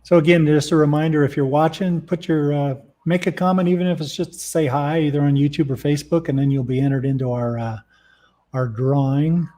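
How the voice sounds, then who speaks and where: A man hosting a live webcast, quickly and casually reminding viewers to comment. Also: on the high side, fairly even intonation, mellow. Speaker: show host. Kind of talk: live show announcement.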